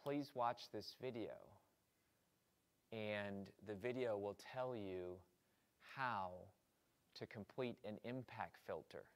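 A middle-aged man teaching an entrepreneurship workshop, lecturing with energy and acting out quoted emails and questions in lively voices. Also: lowish voice, takes it slowly, pauses often, clean tone. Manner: animated, acts out quoted emails and students' questions. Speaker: entrepreneurship instructor.

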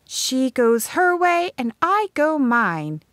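A woman's voice: high-pitched, slow, dry recording, studio quality, pitched above the performer's own voice, exaggerated voice. A woman voicing an earnest, spirited eighteen-year-old schoolteacher in an audiobook. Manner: lively, bright-toned dialogue reading.

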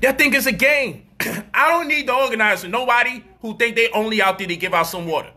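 A man delivering an animated, profane street-style commentary monologue, mocking people and acting out their voices. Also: very high-pitched, quick pace.

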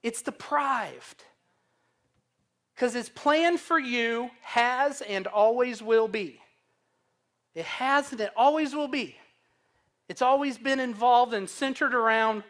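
A man pastor preaching a sermon, slow and emphatic, asking the congregation questions to fill in. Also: very high-pitched, expressive, fairly bright tone. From Missouri.

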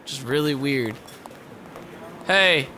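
A man streaming a video game, commentating live in an excitable, profane way and yelling at the characters. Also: medium pitch, very slow, background noise.

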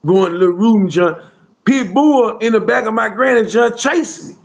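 A man's voice: high voice, normal speed. A man telling a rambling street story in casual slang, with lots of "bro" and "you hear me" along the way. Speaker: storyteller guest.

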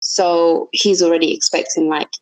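A woman's voice: fairly low pitch, normal speed, no echo, rough recording. A young woman co-hosting a casual chat podcast, telling stories frankly and with lots of laughter. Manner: frank, animated storytelling with laughs. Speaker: podcast co-host.

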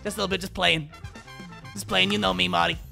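Sheffield streamer guy in rat roleplay, high gravelly voice, goofy and shouty. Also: fast talker, soft background music. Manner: excitable, yells and runs comic bits. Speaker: streamer role-playing a rat character. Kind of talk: playful in-game role-play chatter.

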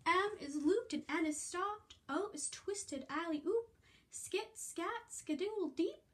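A woman teaching preschool circle time, reading a picture book aloud in a slow, sing-song way. Her voice sits high and bright, and she draws out each word so little ones can follow along. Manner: slow, sing-song and animated, coaxing children to join in.

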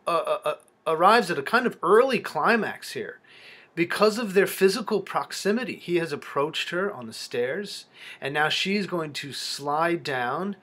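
Guy doing a slow close reading of a poem, kinda high voice, lots of uh and restarts. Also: a bit bright. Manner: halting and reflective, with frequent fillers and restarts. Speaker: literature lecturer.

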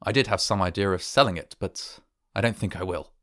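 A man's voice: low-pitched, fairly quick, a bit bright, dry recording, clean studio sound. A man doing a grave old sergeant major. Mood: warning. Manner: solemn, gruff warnings.

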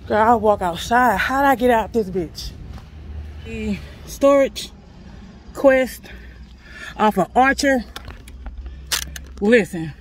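A woman vlogger venting casually to her viewers, loud and profane, from in or near her car. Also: fairly high pitch, animated, takes it slowly, pauses often, slight background noise.

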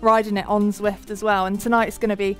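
A woman's voice: mid-range voice, level tone, a little fast, soft background music. Cheerful female co-host and ex-racer, casual on-air talk. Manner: cheerful, laughs easily. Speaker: co-host and former Olympic cyclist. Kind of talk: casual live-stream chat.

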